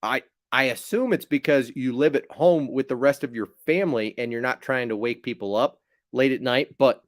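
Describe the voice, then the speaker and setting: A man's voice: medium pitch, normal speed, no echo, clean studio sound. Chatty man rambling on a livestream. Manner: rambling, chatty, teasing a viewer. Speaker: channel host. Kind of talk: casual livestream chat.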